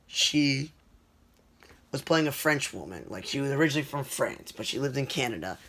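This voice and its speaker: A man's voice: medium pitch, lively intonation, normal speed, sharp tone. A man giving casual, rambling movie reviews, talking offhand with plenty of fillers and restarts.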